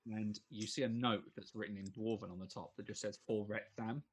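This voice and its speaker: A man's voice: lowish voice, steady tone, a little fast, husky. A man narrating as game master of a tabletop game, rambling with many fillers.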